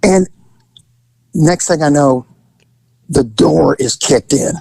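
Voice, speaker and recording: A middle-aged man telling a story in casual chat, acting out voices with big jumps in pitch. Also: slow pace, vocal fry, a little mellow, slightly rough, no echo, rough recording.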